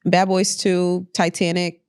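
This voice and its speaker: A woman co-hosting a podcast in casual chat, talking in an animated, emphatic way. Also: lowish voice, takes it slowly, clear, resonant tone, no room sound, studio quality. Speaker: podcast co-host.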